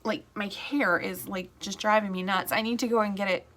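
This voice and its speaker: A woman's voice: medium pitch, steady tone, a little fast, a bit bright. A woman real estate agent talking casually to camera, chatty and rambling, with frequent asides.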